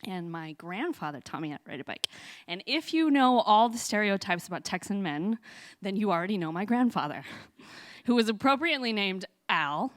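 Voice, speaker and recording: A woman's voice: medium pitch, animated, moderate pace, dry recording. A woman telling a personal story live on stage, chatty and laughing often, with lots of fillers.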